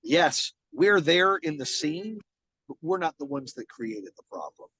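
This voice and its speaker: A man's voice: a little high, very animated, unhurried, fairly bright tone, slightly rough, no room sound, low-quality recording. A man in a casual podcast interview as a guest. He talks bluntly and emphatically, swears, and often restarts his sentences. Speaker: podcast guest, business founder.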